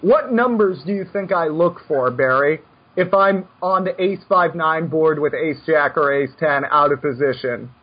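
Man, poker coach, husky, high voice, brash, muffled audio. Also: moderate pace. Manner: brash, animated, self-mocking rants. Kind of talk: casual podcast chat.

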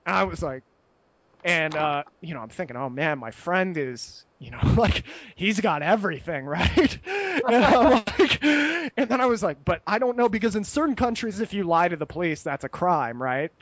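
A man's voice: high voice, big pitch swings, normal speed, fairly bright tone, dull audio. A man telling a long casual story, rambling and profane, tagging lines with "right?" and acting out other people's voices.

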